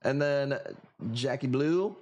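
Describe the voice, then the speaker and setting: Slow and medium-pitched, with a somewhat dark tone, this man hosts a coral auction livestream. He keeps the sales chat casual, bantering with viewers in a rambling, joking, foul-mouthed way.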